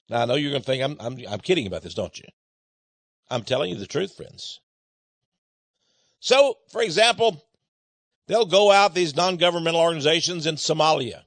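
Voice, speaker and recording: A male radio host delivers an urgent, emphatic monologue. His voice sits high and swings widely in pitch. The sound is close and dry. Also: dry recording. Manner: emphatic, urgent, addresses listeners as friends.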